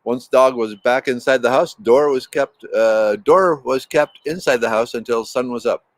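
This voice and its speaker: A man's voice: medium pitch, normal speed, dry recording. A man hosting a livestream outdoors in his yard, chatting casually and rambling, with easy laughs. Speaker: livestream host reading chat. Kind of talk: casual chat and storytelling.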